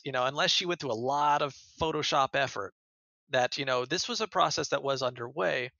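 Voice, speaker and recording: A man's voice: mid-range voice, gravelly, bright, forceful tone, no echo, muffled recording. An American man who is a podcast guest, earnestly retelling events in a casual interview and often repeating words as he goes. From United States.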